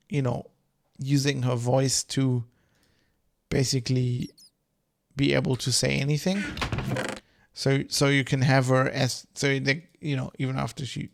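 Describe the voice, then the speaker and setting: A man's voice: mid-range voice, gravelly. A man streaming a game, rambling in loose, casual chat full of swearing and fillers. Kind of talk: casual chat while gaming.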